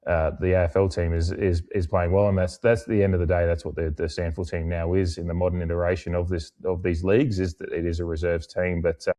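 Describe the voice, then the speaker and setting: Low-voiced man on a podcast. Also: fast talker, few pauses. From Australia. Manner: rambling, lots of fillers and restarts; mimics other people in animated, higher-pitched bursts while retelling. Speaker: podcast co-host. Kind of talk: casual podcast chat.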